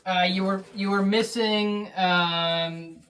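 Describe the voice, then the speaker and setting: A man giving a drum student feedback in a relaxed, encouraging way, with frequent ums and restarts. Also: sits high, takes it slowly. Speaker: drum teacher. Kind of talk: recorded feedback lesson. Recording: distant mic with faint noise.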